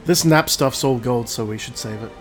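A man's voice: mid-range voice, normal speed, soft background music. An Australian man hosting a casual podcast, joking and swearing with friends. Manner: joking, profane, banter. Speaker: podcast host.

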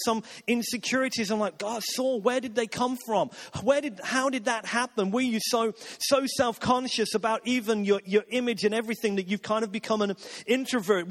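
A man preaching a sermon in a conversational, rambling way, with asides and restarts. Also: high voice. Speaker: pastor.

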